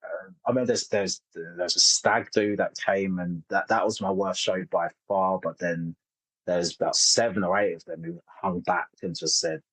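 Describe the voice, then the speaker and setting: A man's voice: deep voice, fairly even intonation, moderate pace, a bit bright, husky, dry recording, low-quality recording. A man in his thirties, a comedian telling stories in a casual interview, rambling and self-interrupting with frequent laughs. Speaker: comedian guest.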